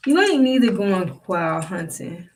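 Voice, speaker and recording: Sly old farmhand voiced by a narrator, drawling, sheepish, slow delivery. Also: medium pitch, big pitch swings, recorded from a distance. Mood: deadpan. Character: sly old male farmhand, calm and mocking.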